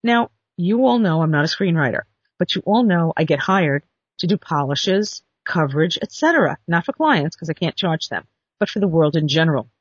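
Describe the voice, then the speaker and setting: A woman's voice: low voice, sing-song, normal speed, breathy edge, no echo. A woman script consultant telling a story bluntly and outspokenly to an audience in a casual monologue. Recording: dull, muffled recording.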